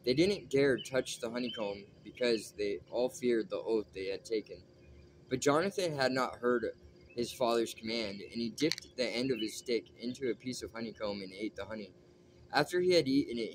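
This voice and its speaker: A man reading scripture aloud at a steady pace, with a few small slips. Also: medium pitch, normal speed, a little hiss or hum. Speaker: Bible reader.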